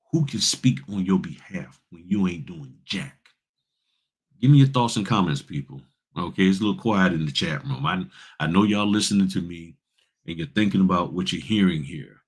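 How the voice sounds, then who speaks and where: A man from Virginia hosting a casual livestream as a notary business coach, talking in an animated, slangy, preachy way and speaking straight to his chat. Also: low voice, slightly rough. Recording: livestream from home studio.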